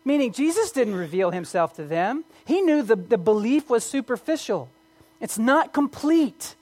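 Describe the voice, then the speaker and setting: Woman preacher, slightly high voice, earnest sermon delivery with searching rhetorical questions. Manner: earnest, rhetorical questions, reads scripture aloud.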